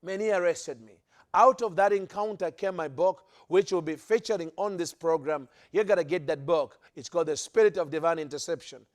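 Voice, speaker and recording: High-voiced man preaching emphatically. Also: a little fast. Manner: emphatic, repeats phrases for stress; restarts sentences often. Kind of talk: sermon teaching to a listening audience.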